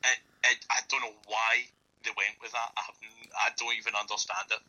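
Male podcast co-host, very bright, sharp voice, slightly low, loose rambling chat, tinny phone-like audio. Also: flat delivery, fairly quick. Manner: rambling, loose, swears casually. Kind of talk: casual film review chat.

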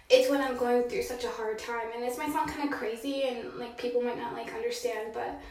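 A young woman giving a rambling, heartfelt confessional monologue from a dark bathroom, sometimes dropping to a hushed whisper. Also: on the high side, fairly even intonation, normal speed, hardly any pauses, slight background noise. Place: dark bathroom, sitting in a bathtub. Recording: very echoey bathroom, mic at a distance.

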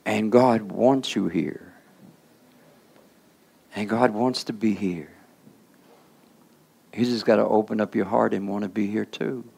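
A man preaching a sermon in plain colloquial speech. He keeps asking the listener questions, often prodding with "huh?", and swings between hushed and loud passages. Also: medium pitch, creaky, husky. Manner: rhetorical questions with repeated "huh?"; informal colloquial grammar.

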